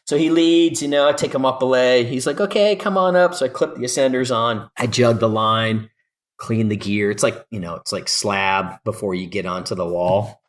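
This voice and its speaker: A man in his fifties, from California, telling lively stories as a podcast guest and acting out quoted dialogue. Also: medium pitch, moderate pace. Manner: animated storyteller, acts out quoted dialogue. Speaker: guest climber. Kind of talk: storytelling interview.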